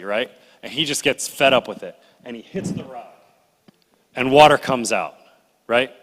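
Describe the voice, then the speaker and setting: A middle-aged man preaching a sermon, animated and conversational, acting out complaining voices as he tells the story. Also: medium pitch, a little fast. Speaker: pastor. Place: church sanctuary. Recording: reverberant church hall.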